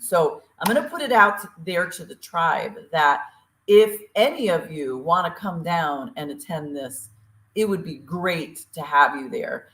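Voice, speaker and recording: Upbeat woman hosting a morning talk show, kinda low voice, lots of ums, roomy echo. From Eastern Tennessee. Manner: upbeat, chatty, with many fillers. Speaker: podcast co-host. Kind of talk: casual show opening and announcements.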